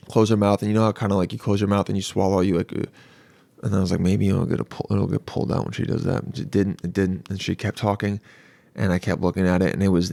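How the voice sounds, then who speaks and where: A young man hosting a casual podcast, telling a story in a rambling, animated way, swearing now and then and acting out what people said. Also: deep voice, vocal fry, no echo. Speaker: podcast host. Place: studio.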